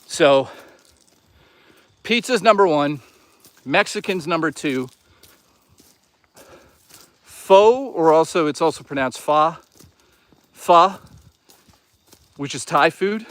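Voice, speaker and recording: A man's voice: a little high, measured pace, pauses often, a bit bright, dry recording. A young man live-streaming as he walks outdoors in the woods, chatting in a crude, rambling, joking way. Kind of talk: casual live-stream chat while walking.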